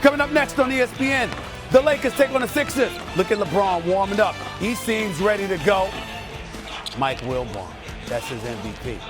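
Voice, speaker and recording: A man hosting a sports show, loudly ribbing his guest and half-singing a catchphrase over highlight clips. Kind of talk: loud animated sports commentary. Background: hip hop music.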